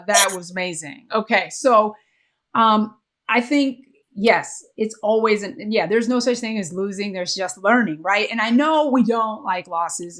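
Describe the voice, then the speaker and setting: A woman's voice: medium pitch, a bit bright. A woman hosting a sports psychology podcast, chatting casually and gushing with enthusiastic praise between questions. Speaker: podcast host. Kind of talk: casual interview chat.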